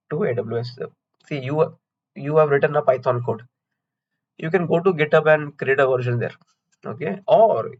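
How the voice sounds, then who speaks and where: Chatty tech instructor, lo-fi. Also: male voice, mid-range voice, breathy edge. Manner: chatty, asks and answers his own questions, homely analogies. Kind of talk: recorded certification lecture.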